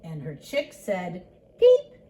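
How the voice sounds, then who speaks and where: An older woman, a grandmother, reading a picture book aloud in a slow, sing-song way and voicing the animal sounds. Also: medium pitch, expressive, mellow.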